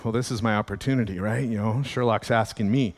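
A man's voice: on the low side, steady tone, fast talker, in a large hall, pitched below the performer's own voice. A pastor voicing an earnest man who rambles to impress his friend. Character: earnest male companion gazing at stars.

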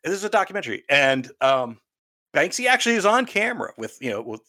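A man's voice: on the high side, very animated, fast, sharp tone, no room sound. A man co-hosting a casual film podcast, talking in a rambling way with lots of fillers and restarts. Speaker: podcast co-host. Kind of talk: casual chat about films.

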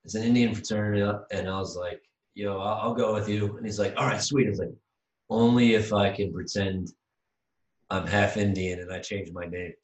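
Low-voiced man telling a rambling story. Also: normal speed, recorded from a distance. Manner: rambling, animated storytelling with restarts. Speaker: podcast co-host. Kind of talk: casual storytelling chat. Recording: echoey room, voice off-mic.

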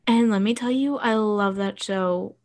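Excitable woman co-host, gushing and chatty, rambles through her stories. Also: medium pitch, measured pace. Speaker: podcast co-host. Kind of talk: casual chat.

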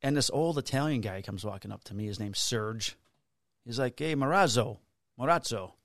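A man's voice: fairly low pitch, moderate pace, dry recording, clean studio sound. Profane fifty-something man telling stories. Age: 50s. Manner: profane, animated storyteller acting out dialogue. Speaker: podcast co-host. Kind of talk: casual storytelling chat.

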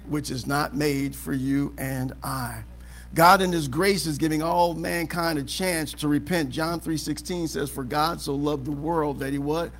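A man preaching a sermon as pastor in a church auditorium, asking the congregation questions and building to shouts. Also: a little high. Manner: preaching with rising shouts and call-and-response questions. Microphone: live service recording.

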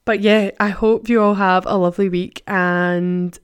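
A woman's voice: medium pitch, steady tone, a little slow, clean tone, no room sound. A young woman, hosting a podcast and telling a story in a casual, chatty way full of "like". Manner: chatty, full of "like" and "do you know what I mean". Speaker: podcast host.

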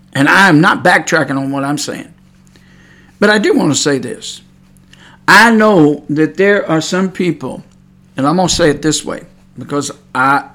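A middle-aged man hosting a preaching podcast, moving from folksy chat to loud, fervent preaching. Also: on the high side. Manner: folksy, swings from quiet chatting to loud preaching.

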